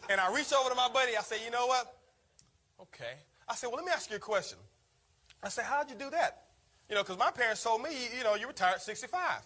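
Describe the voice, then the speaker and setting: A man giving an energetic motivational talk, telling his story and calling the audience "guys.". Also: very high-pitched, fast. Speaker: network marketing speaker.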